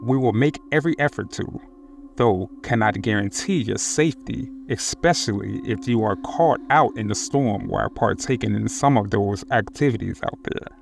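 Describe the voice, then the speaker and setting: A man voicing a large, formal male resort concierge who speaks slowly and politely in a spoken horror story. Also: fairly low pitch, gravelly. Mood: warning. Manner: slow, formal, measured.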